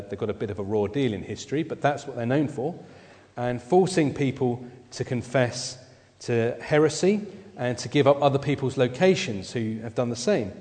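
A man delivers a sermon to his congregation in an easy, conversational way, often pausing with small fillers. His voice sits at an ordinary middle pitch. The church hall around him leaves a long, lingering reverb on every phrase. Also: a little mellow. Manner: conversational, halting with frequent fillers. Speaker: preacher.

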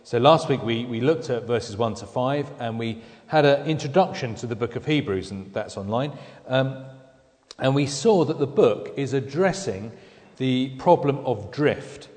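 A man preaching a sermon in a relaxed, conversational way, with dry joking asides. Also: medium pitch, unhurried, long reverb tail.

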